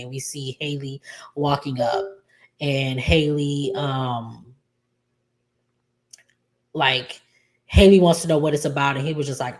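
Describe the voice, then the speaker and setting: A woman with a notably low voice, recapping a soap episode in easygoing chat. She talks loosely, with plenty of ums and likes, and she is quick to laugh. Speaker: soap opera recap vlogger.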